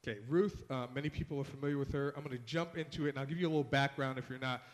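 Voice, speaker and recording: A man's voice: medium pitch, steady tone, racing, long reverb tail. A man giving a conversational sermon, retelling scripture in everyday words and acting out the people in it. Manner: conversational preaching with casual asides, acting out voices of biblical figures. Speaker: pastor.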